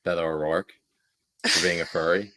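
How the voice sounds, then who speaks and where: Wry lower-voiced man reading chat. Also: steady tone, normal speed, sharp tone. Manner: reads viewer chat aloud, wry and joking. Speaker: stream co-host. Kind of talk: casual live-stream commentary.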